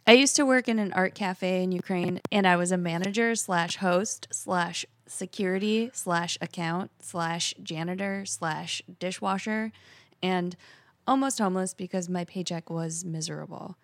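Low-voiced woman, crude casual banter. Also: measured pace, no room sound. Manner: crude, teasing banter, reads a listener's email aloud. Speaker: podcast co-host. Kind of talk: casual chat.

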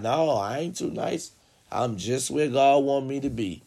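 A man delivers a casual motivational talk to his viewers. He preaches emphatically, dropping to low murmurs and then rising to loud urging, with a voice in the middle range for a man. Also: lively intonation, moderate pace, gravelly, slightly rough. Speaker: motivational vlogger.

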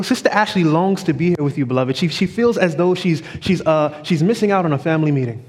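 A somewhat high-pitched man preaching with fervent conviction, his voice swelling and then dropping to a hush. The sound carries the long reverb of a church sanctuary, giving every pause a lingering tail. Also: expressive. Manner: fervent, sweeping rises and drops in loudness. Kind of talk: evening sermon.

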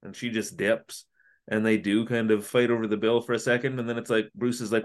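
A man co-hosting a casual podcast, retelling an episode in an animated, jokey way. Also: on the low side, brisk. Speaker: podcast co-host. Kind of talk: casual comedic recap chat.

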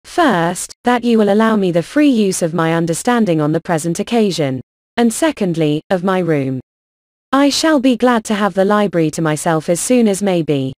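A woman voicing a dry, ironic older gentleman and father in an audiobook, calm and wry. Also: on the low side, normal speed, no echo, lightly acted. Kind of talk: audiobook character reading.

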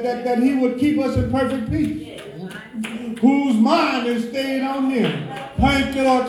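A man leading a fervent spoken prayer in church, repeating his praises and rising into shouts. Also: very high-pitched. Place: church sanctuary. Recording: echoey church sanctuary.

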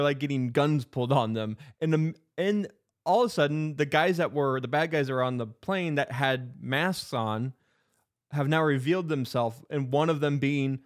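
A man's voice: medium pitch, normal speed. A man casually retelling a movie's plot, rambling with lots of fillers and restarts. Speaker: podcast co-host.

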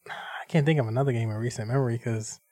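A man's voice: mid-range voice, steady tone, fast, darkish tone, dry recording. A man in casual chat, teasing the others and asking them questions.

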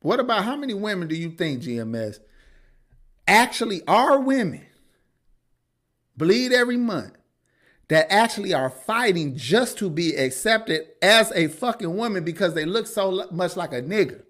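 A man hosting a casual podcast, telling crude stories in a profane, animated way and laughing often. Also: sits high, normal speed. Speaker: podcast host.

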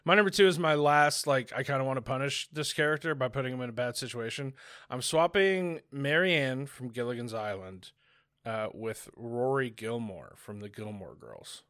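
A man chatting on a podcast, opinionated and quick to react. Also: medium pitch, fairly bright tone, dry recording, studio quality. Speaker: podcast co-host. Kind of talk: casual chat.

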